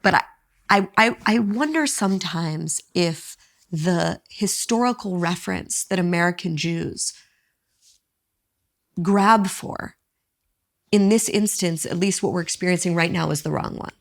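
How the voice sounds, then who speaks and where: A woman hosting a podcast interview in her living room, asking questions in a thoughtful, halting way. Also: on the low side, gravelly. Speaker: podcast host. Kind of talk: interview conversation.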